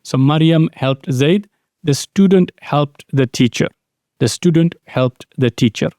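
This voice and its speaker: Male grammar teacher, mellow tone, fairly high voice, patient and repetitive, dry close recording. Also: dry recording. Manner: explains slowly, repeats key terms, mixes in Arabic words. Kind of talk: recorded online lesson.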